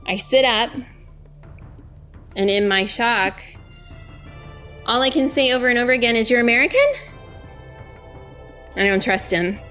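A woman's voice: a little high, measured pace, long pauses, a bit bright. Woman, former aid worker, first-person storytelling, present-tense narration, faint music behind.

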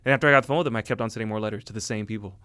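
A man in his thirties, telling his story as an interview guest in earnest, halting casual talk with many fillers. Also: on the low side, sharp tone, dry recording. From United States. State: emotional, near tears. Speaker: interview guest, Army officer. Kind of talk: casual conversation.

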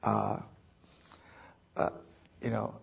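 Very gravelly, raspy-voiced man telling his story. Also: on the low side, monotone. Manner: halting, full of fillers and restarts, joking asides. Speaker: military veteran speaker. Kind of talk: personal story in a public lecture.

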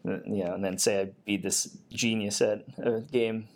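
Easygoing low-voiced man answering questions. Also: steady tone, normal speed. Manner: easygoing, hesitant with many fillers. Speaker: guest, Air Force technician. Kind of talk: casual interview answers.

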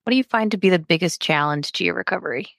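A woman's voice: on the low side, racing, gravelly, a bit bright, no echo, studio quality. A woman interviewing a guest, giving brief encouraging responses and asking questions. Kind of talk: interview conversation.

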